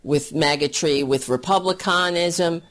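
A woman delivers heated political commentary in an unhurried, deliberate way, her voice sitting on the lower side. She sounds scornful and insulting, and her talk is halting, with frequent repeated words. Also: a bit bright.

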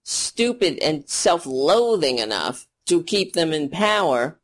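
A woman's voice: low-pitched, very animated, slow. A woman hosting a political commentary show, ranting in a sarcastic, profane and rambling way.

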